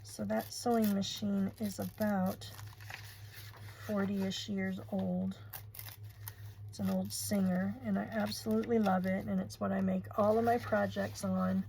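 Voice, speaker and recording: An older woman in her sixties chats unhurriedly as she crafts at home, gushing over pretty materials. Her voice has a gravelly edge, and a faint hiss sits under the recording. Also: medium pitch, little pitch movement, a little slow, mellow, low-quality recording. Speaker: crafting channel host. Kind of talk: casual crafting tutorial chat.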